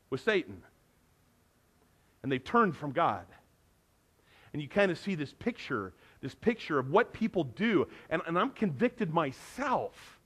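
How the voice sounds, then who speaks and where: A middle-aged man preaching a sermon in a church, earnest and conversational, his loudness swinging from near-hushed asides to emphatic bursts. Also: on the high side, breathy edge. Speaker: pastor. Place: church sanctuary.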